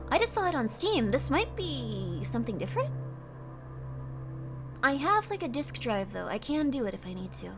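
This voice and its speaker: A woman streamer chatting casually on a livestream, bubbly and effusive, gushing praise to her viewers. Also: fairly high pitch.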